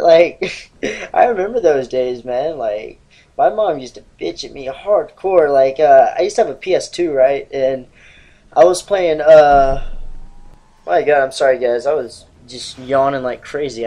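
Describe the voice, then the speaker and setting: A man's voice: medium pitch, unhurried, warm tone, rough recording. Rambling, profane young gamer guy. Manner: rambling, profane, laughs often. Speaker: gaming channel host. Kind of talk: casual gameplay commentary.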